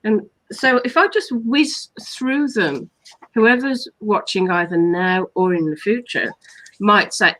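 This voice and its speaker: A woman's voice: mid-range voice, takes it slowly, a bit bright, rough recording. A woman hypnotherapist from England hosting a live online talk, explaining points and listing them earnestly. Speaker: hypnotherapist host.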